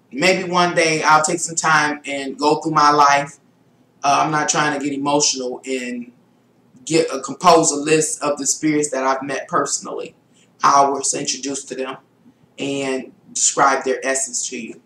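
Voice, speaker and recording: A woman's voice: pushed and bright, echoey room, slight background noise. A middle-aged woman vlogger telling a spiritual story in a rambling, casual monologue. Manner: rambling, with shrill exclaimed self-quotes.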